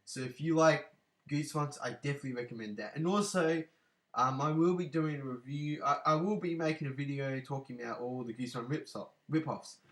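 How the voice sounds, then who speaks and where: A man's voice: mid-range voice, a little fast, a bit bright. A man in a casual vlog, talking about his book collection in a rambling way, with many fillers and apologies. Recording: echoey room.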